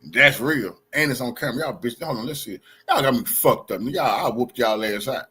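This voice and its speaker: A man's voice: mid-range voice, lively intonation, moderate pace, bright, forceful tone, breathy edge. A man livestreaming, telling a story in a brash, heated way with constant swearing. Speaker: livestream host. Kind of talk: profane casual storytelling.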